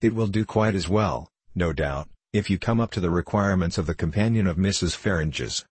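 A proud young governess with a cutting, scornful tongue, read by a man in a deep, husky, dry voice. The lines come across as clipped and disdainful. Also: brisk, dry recording. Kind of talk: audiobook reading.

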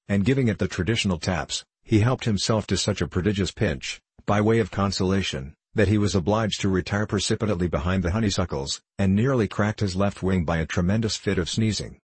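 A man narrating a storybook in a measured, expressive way, recorded close to the mic. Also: deep voice, husky, no echo. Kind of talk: storybook reading.

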